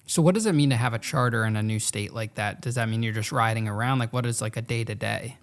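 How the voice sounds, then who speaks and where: A man hosting a podcast asks short, curious questions. His voice is gravelly and his speech comes quickly. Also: lowish voice. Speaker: podcast host. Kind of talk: casual interview.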